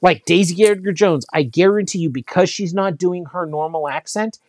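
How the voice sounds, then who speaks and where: A man's voice: high voice, normal speed, dry recording, studio quality. Rambling man in casual chat. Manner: rambling, lots of fillers and restarts.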